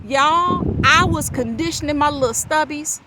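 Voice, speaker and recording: A woman vlogger telling a personal story to camera outdoors, animated and laughing often as she talks to her viewers. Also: high voice, normal speed. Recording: outdoor noise with passing traffic. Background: outdoor ambience and vehicles.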